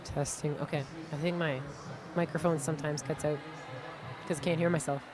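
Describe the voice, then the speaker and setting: A Canadian woman with a Maritime accent, a roller derby skater and announcer, gives live commentary in an indoor arena, chatty and poking fun at herself. Her voice is low-pitched with little pitch movement, her pace is moderate, and a crowd can be heard behind her.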